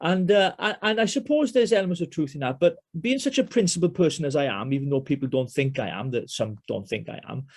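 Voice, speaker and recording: A man from Wales hosting a casual political interview, chatty and animated as he asks questions. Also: fairly high pitch, fast, few pauses. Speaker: podcast host.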